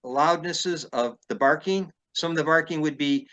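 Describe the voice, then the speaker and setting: A man hosting an interview, with a fairly high, bright, forward voice. He explains things at length and works through his ideas aloud as he goes. He speaks in a relaxed, conversational way. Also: normal speed. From Illinois. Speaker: podcast host.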